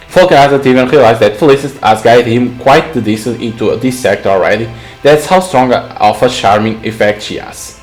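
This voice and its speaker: A young man reading a story game's narration aloud in a plain, mid-pitched voice, stumbling over a word now and then. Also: normal speed, soft background music, poor audio. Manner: reads narration with small stumbles and restarts. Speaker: gaming channel host. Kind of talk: reading a visual novel aloud.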